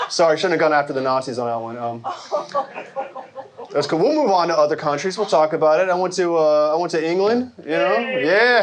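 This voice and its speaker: High, lively male comic on stage. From Arkansas. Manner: animated, jokey crowd work with quoted voices. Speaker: stand-up comedian. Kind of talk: stand-up comedy set. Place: comedy club stage before a laughing crowd. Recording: loud audience noise behind.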